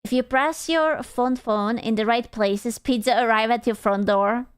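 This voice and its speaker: High, silky-voiced swearing streamer woman. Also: a little slow, clean tone, dry recording. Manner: loud laughing reactions and frequent swearing; exaggerated mock outrage. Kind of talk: casual stream chat reading comments.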